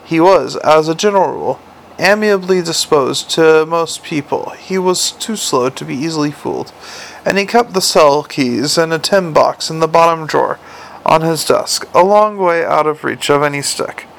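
A man's voice: on the high side, normal speed, gravelly, fairly bright tone, a little hiss or hum. A man narrating a comic novel aloud with a dry, wry delivery. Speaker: audiobook narrator.

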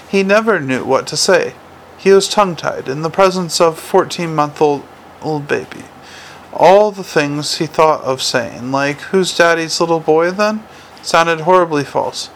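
A man reading a novel aloud as narrator, measured, dry and gently wry. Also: a little high, gravelly, slight background noise, rough recording.

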